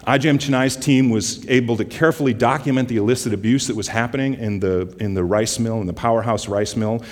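A man's voice: medium pitch, steady tone. Man preaching in a reverberant hall. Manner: conversational, scripture quotes slowed and softened. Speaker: guest preacher from a justice ministry. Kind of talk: sermon.

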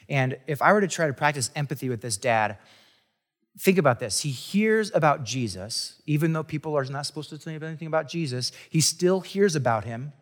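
A man's voice: mid-range voice, a bit bright, big-room sound. A man preaching a conversational sermon as a pastor, talking casually and chattily with restarts and asides.

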